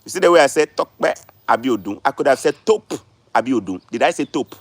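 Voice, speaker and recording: A man's voice: medium pitch, lively intonation, fast talker, no echo. A man, hosting a casual livestream and lecturing his viewers, repeating words for stress. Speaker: livestream host.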